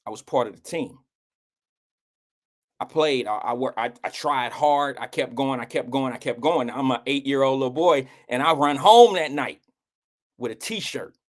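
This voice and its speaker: A middle-aged man hosting a live show, telling a personal story in a blunt, animated way, with casual swearing and acted-out quotes. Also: normal speed. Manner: animated, acts out quotes with swings in pitch. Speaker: host.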